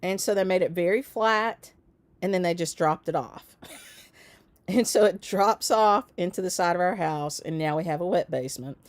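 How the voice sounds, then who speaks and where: A woman's voice: lowish voice, normal speed, dry recording. A middle-aged woman, hosting a stitchery shop livestream in a chatty, rambling way and laughing often. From United States. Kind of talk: casual chat.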